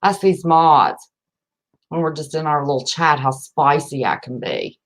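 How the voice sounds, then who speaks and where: Lower-pitched Appalachian woman, livestream host, folksy and chatty, greets viewers warmly by name. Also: lively intonation, a little slow. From West Virginia. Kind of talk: casual livestream chat.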